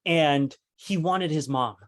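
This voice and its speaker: A man with a somewhat high voice tells a personal story in a leadership training talk. He speaks earnestly, stumbles into frequent restarts and slips into other people's voices when he quotes them. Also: slow.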